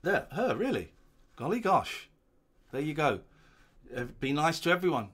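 A man giving casual watch-along commentary that rambles and is broken up by chuckles. His voice is bright, with a lively, animated pitch. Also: moderate pace, slightly rough. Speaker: host watching an old episode.

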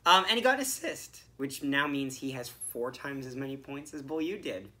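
A young podcast co-host with an expressive mid-range voice recaps a hockey game at a moderate pace. It's rambling, foul-mouthed casual chat that moves between muttering and yelling.

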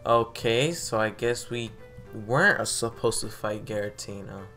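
A man's voice: on the low side, a little slow, pushed and bright. A man commentating his own game playthrough, easily frustrated and cursing constantly, over faint game music. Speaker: gaming channel host. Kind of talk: let's play commentary.

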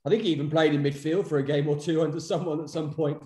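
A man's voice: a little high, fairly even intonation, fast, darkish tone. A man hosting a casual chat, hesitant and often repeating his words as he goes. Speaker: podcast host. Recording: roomy echo.

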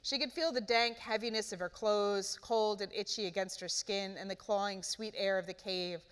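A woman author reading her novel aloud at a live event, with steady, expressive narration. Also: mid-range voice, normal speed, smooth. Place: event hall. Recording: echoey hall, live event.

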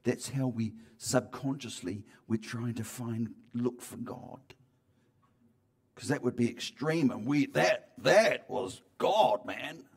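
A man preaching a sermon in church, talking conversationally with frequent restarts and swings between loud emphasis and quiet asides. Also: mid-range voice, slow, vocal fry. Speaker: pastor.

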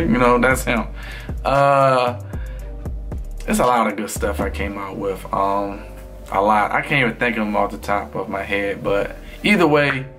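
A man's voice: medium pitch, fairly bright tone. A man streamer in casual chat with his viewers, talking in a loose, rambling way full of fillers.

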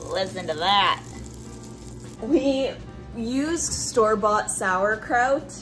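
A woman's voice: mid-range voice, expressive, extremely slow, a bit bright, faint music behind. A woman vlogger cooking in a home kitchen, chatting casually as she explains each step plainly.

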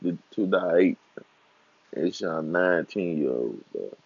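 A man's voice: sits low, lively intonation, normal speed, vocal fry, no echo. A man in his twenties on a casual, profane rant, trash-talking and swearing freely. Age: 20s. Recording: dull lo-fi recording.

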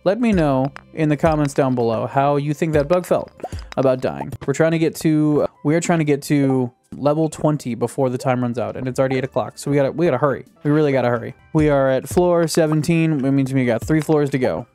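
A young man casually commenting on his own gameplay, excitable and chatty, talking to himself and to the game. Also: mid-range voice, brisk, faint music behind. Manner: excitable, talks to himself and the game, yelps at surprises. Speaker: gaming YouTuber. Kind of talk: casual let's-play commentary.

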